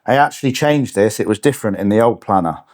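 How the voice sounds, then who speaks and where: A man's voice: on the low side, expressive, fast, darkish tone. A man hosting a podcast as a coach, giving a blunt, punchy motivational talk with swearing. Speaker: podcast host and fitness coach. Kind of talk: motivational monologue.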